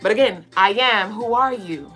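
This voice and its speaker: A woman co-hosting a podcast of casual spiritual talk. She speaks bluntly, swears freely and fires off rapid rhetorical questions. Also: mid-range voice, over music. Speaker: podcast co-host.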